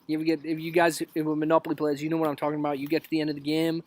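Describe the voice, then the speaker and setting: A man's voice: fairly high pitch, monotone, rapid-fire. Chatty man joking through memes. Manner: chatty and jokey, dropping into whispers for asides. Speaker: youth leader hosting a live stream. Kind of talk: casual live-stream commentary on memes. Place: outdoors.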